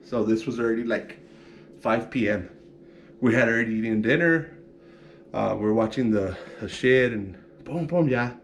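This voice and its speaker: A man's voice: medium pitch, normal speed, a little hiss or hum. A young man telling a prison story casually, acting out punches sound effects and swearing freely.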